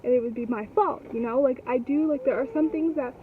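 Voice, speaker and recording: A woman's voice: high voice, a little fast, a little hiss or hum. A young woman and new mother telling a rambling, indignant storytime vlog full of fillers and swearing. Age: young adult. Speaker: vlogger. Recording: tinny phone-like sound, slightly distant.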